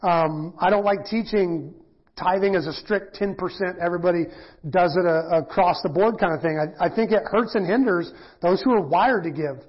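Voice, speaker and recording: A middle-aged pastor teaching in a casual, self-deprecating sermon, often acting out quoted voices. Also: male voice, high voice, moderate pace, breathy edge. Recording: dull lo-fi church audio.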